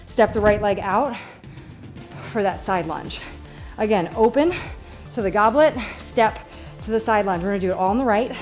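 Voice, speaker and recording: A woman's voice: a little high, darkish tone. A woman leading a workout as fitness instructor, upbeat and encouraging, counting reps and getting out of breath. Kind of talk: live workout coaching.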